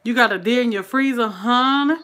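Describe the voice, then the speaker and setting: Bright-voiced Southern woman chatting with viewers. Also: on the high side, a little fast. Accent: Southern American. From Southern United States. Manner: folksy, sprinkles "honey" and "child", greets viewers by name. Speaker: cooking livestream host. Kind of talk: casual livestream chat with viewers.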